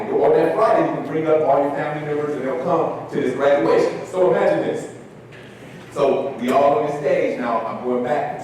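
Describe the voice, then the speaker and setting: Man speaker, lively delivery, recorded from afar in a big reverberant hall. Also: medium pitch, a little hiss or hum. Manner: animated storyteller acting out dialogue. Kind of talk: storytelling keynote talk. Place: large hall. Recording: echoey hall recording from far off.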